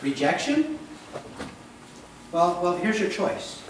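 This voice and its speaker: Male pastor, conversational sermon, checks in with questions; slightly high voice, distant mic, heavy church echo. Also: expressive, measured pace, long pauses, fairly bright tone, slight background noise. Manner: conversational, asks the congregation questions. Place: church sanctuary.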